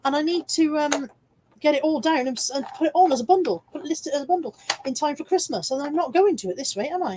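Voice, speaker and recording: A woman's voice: high voice, a little mellow, a little hiss or hum. A woman hosting a casual live stream, showing car boot finds and reading viewer comments with chatty, self-mocking asides, hiccuping now and then.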